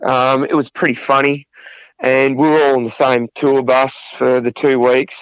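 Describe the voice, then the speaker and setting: A man's voice: medium pitch, level tone, moderate pace, clear, resonant tone, dry recording, dull audio. A middle-aged man, a podcast guest telling profane road anecdotes between bursts of laughter. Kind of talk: casual storytelling interview.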